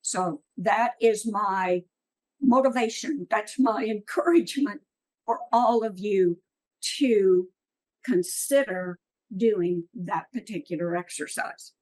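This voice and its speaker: Slow, earnest woman teaching writers. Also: medium pitch, a little mellow, poor audio. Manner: earnest, encouraging, unhurried. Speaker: writing workshop speaker. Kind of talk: writing workshop talk. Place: meeting room.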